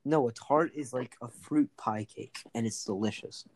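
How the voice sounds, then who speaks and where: A man's voice: medium pitch, normal speed, dry recording. Young man, casual rambling chat, full of fillers, dry close recording.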